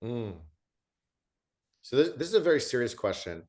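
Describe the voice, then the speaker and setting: A man's voice: medium pitch, very animated, normal speed, a little mellow. A man hosting an interview, talking enthusiastically about his own experiences, with frequent restarts as he gathers his thoughts. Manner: enthusiastic, storytelling, many restarts. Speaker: host. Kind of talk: conversational interview.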